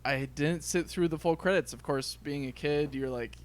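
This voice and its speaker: A man's voice: a little high, normal speed. A man co-hosting a podcast, chatting casually about a movie and laughing easily. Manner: chatty, corrects his co-host, laughs easily. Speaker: podcast co-host. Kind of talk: casual movie review chat.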